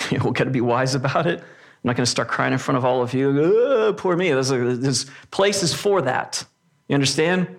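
A man preaching a sermon to a live audience, earnest and emphatic, often restarting his sentences. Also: medium pitch. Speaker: pastor. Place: church or hall with a live audience.

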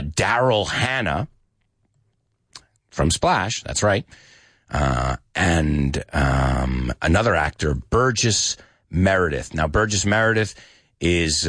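A man teaching English with movie scenes, acting out lines in a lively voice and adding short glosses. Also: no echo, clean studio sound. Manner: lively, acts out quoted lines in higher pitch, mixes in Spanish glosses.

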